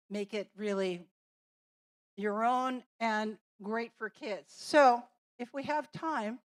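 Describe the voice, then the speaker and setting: A woman presenting a teacher training workshop in a classroom, explaining an activity step by step and walking through examples. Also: on the high side. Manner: slow, deliberate, explaining and demonstrating with examples.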